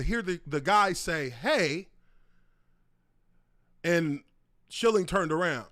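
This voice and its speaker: Guy hosting his own stream, cussing as he reacts to a clip, voice jumps all over, high-ish, dry sound. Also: no room sound. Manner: profane, animated, talks to viewers. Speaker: show host. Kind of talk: casual commentary on a video clip.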